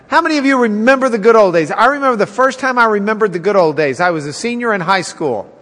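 A man's voice: fairly bright tone, in a large hall. A man teaching a Bible class in a folksy sermon style, acting out the people's complaints in a raised voice. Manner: folksy, acts out quotes with raised pitch.

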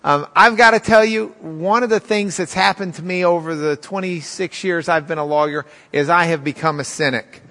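A man in his fifties teaching a Bible class in a conversational, halting way, with many ums and restarts. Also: fairly high pitch, fairly bright tone. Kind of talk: storytelling lecture. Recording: long reverb in a large room.

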